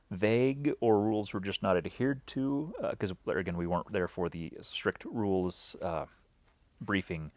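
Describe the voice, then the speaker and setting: A man's voice: fairly low pitch, dry recording. A man recapping a weekend game event in a loose, rambling way, full of fillers and restarts, acting out bits of dialogue.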